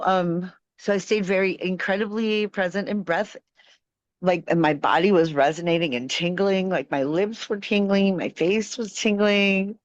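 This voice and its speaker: A woman's voice: lowish voice, no room sound, highs cut off. A woman on a video call sharing a personal story earnestly, in a rambling way with many fillers. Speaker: participant.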